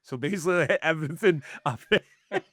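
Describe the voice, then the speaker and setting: A man's voice: fairly high pitch, brisk, dry recording. Scottish man, sweary raised voice. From Scotland. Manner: animated, heavy swearing, acts out dialogue. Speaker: podcast co-host, music promoter. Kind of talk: casual storytelling chat.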